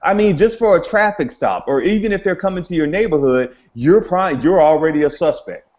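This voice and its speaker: A man co-hosting an online panel discussion, talking in an emotional, halting way with many restarts. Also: a little high, animated, a little mellow. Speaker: co-host of a discussion show. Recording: dull lo-fi call audio with faint hiss.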